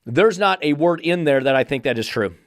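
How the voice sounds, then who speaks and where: A man's voice: fairly high pitch, lively intonation, a little fast, dry recording, studio quality. A man hosting a podcast about dog training, ranting bluntly and sarcastically, swearing freely as he gets fired up. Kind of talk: podcast rant.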